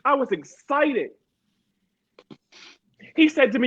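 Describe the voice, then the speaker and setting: A woman from Harrisburg, Pennsylvania, speaks as a panel guest in a strikingly high voice, pressing her points with emphatic repetition. The sound is dull and lo-fi. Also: expressive, moderate pace, a bit bright. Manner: emphatic, repeats words for stress. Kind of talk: personal testimony in a panel talk.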